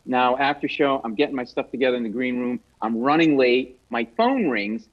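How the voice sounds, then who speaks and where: A man telling a comic story as a guest comedian, animated and self-mocking. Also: medium pitch, normal speed, muffled recording.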